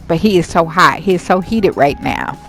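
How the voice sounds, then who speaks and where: A woman's voice: lowish voice, moderate pace, a bit bright, faint music behind, poor audio. A woman hosting a gaming channel, narrating casually with chatty, slangy asides to her viewers. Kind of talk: casual let's-play narration.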